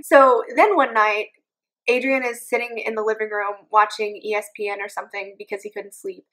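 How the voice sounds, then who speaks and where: A woman's voice: medium pitch, fairly even intonation, brisk, a bit bright, low-quality recording. Sarcastic young woman reviewing a book. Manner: sarcastic, jokey. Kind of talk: casual summary vlog.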